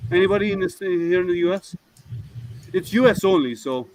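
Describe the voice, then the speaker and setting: A man's voice: high-pitched, fairly quick, a little mellow, no room sound, rough recording. A man hosting a casual livestream hangout from home, rambling and thinking aloud with plenty of ums, talking over an online call mic. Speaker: livestream host.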